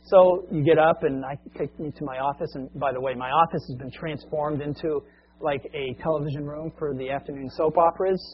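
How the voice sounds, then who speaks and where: A male preacher telling a long story as a sermon illustration, in a conversational, animated way, on a muffled lo-fi recording. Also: a little high, brisk, a little hiss or hum.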